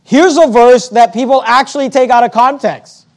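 High-voiced man preaching a sermon. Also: moderate pace, a little mellow. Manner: reads King James scripture aloud, then explains it plainly; emphatic, argumentative preaching.

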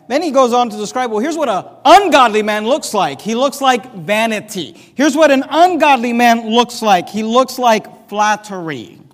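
A man preaching a sermon, swinging between loud, impassioned emphasis and quieter asides. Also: on the high side. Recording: long reverb of a large hall.

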